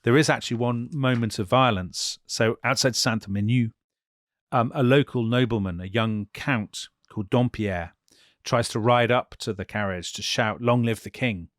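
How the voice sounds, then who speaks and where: A man's voice: mid-range voice, normal speed, dry recording, clean studio sound. A man co-hosting a history podcast, retelling events vividly and dropping into quoted speech for the people in the story. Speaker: podcast co-host.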